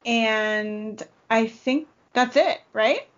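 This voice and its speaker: A woman's voice: on the high side, drawn-out words, lo-fi sound. A woman co-hosting a podcast, chatting casually and rambling with lots of fillers. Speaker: podcast co-host. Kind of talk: casual chat.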